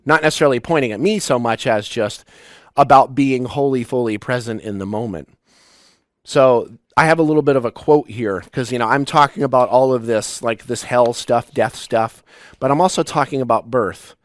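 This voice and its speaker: A man in his forties, a spiritual teacher, giving a reflective talk with personal stories, halting and restarting as he goes. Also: mid-range voice, no room sound, studio quality. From United States. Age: 40s. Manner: personal, storytelling with pauses and restarts.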